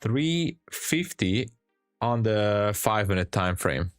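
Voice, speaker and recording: Deep, unhurried Hungarian-accented man. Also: clear, resonant tone, dry recording, studio quality, soft background music. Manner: chatty, answers viewers, explains charts calmly. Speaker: day trader streamer. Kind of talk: live-stream chat and trade commentary.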